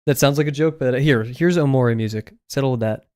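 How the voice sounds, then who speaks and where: A man's voice: medium pitch, a little fast, a little mellow. A man chatting casually on a live stream while he draws, rambling through asides with lots of filler words. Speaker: drawing streamer.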